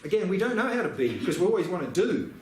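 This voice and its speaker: A man with a high-pitched, sing-song voice races through his answers as a meditation teacher in a dharma Q&A, patiently repeating his explanations. The echoey room has faint ambience, and there's slight background noise.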